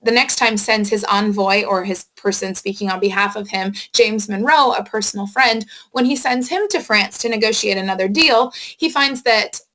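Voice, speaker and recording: A woman teacher giving a recorded history lecture, explaining events to students with casual asides and quick self-corrections. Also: medium pitch, sharp tone. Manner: explanatory, addresses students directly with reminders. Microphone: screen-recording microphone.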